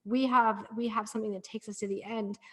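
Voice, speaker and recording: A woman's voice: medium pitch, level tone, fairly quick. A middle-aged woman, a breathwork practitioner, talking as a podcast guest in an earnest, encouraging storytelling manner. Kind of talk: casual podcast conversation.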